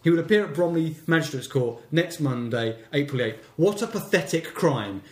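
A man's voice: fairly high pitch, expressive, normal speed, darkish tone, reverberant. A man co-hosting a casual comedy podcast, reading local news aloud with dry puns. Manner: wry, reads stories aloud with puns. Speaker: podcast co-host.

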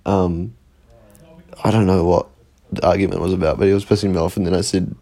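A man's voice: low voice, steady tone, fairly quick, mellow. A man casually chatting on a podcast, laughing often and swearing. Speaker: podcast co-host. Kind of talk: casual chat.

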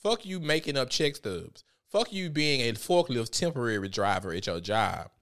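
Animated, profane man vlogging. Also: medium pitch, moderate pace. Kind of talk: casual commentary.

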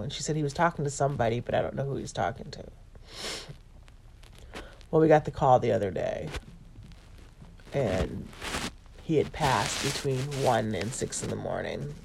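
Gravelly-voiced woman telling a personal story. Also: extremely low pitch, a little mellow, a little hiss or hum. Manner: halting, self-correcting retelling. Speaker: vlogger.

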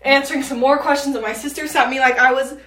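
A woman's voice: high-pitched, steady tone, fast talker, fairly bright tone. A young woman in her late teens, chatting casually as a podcast host and rambling with lots of fillers. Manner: chatty, meandering, frequent fillers. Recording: echoey room, mic at a distance.

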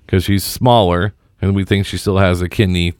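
A middle-aged man with a very low, deep voice talks casually into a close studio mic. He rambles and halts, restarting his sentences often. The sound is dry and close. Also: fairly even intonation, smooth, dry recording. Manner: rambling, halting, many restarts. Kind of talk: casual chat.

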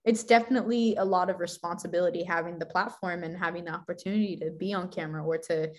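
A young woman, a guest who competes in gymnastics, chatting in a bubbly, animated way and laughing often. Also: on the low side, fast. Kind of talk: casual chat.

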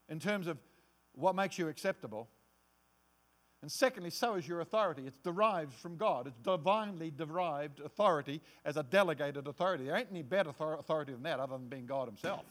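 A man preaching from the pulpit with a high voice that leaps up and down. He acts out quotes with dramatic swings, sometimes dropping to a soft hush to make a point. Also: lively intonation, brisk. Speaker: pastor. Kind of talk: sermon.

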